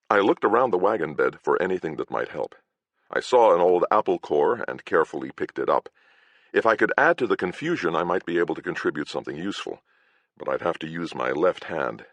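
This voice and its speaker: A man narrating a first-person audiobook in a wry storytelling voice. His voice sits very low yet moves with lively intonation, close and dry. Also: no echo.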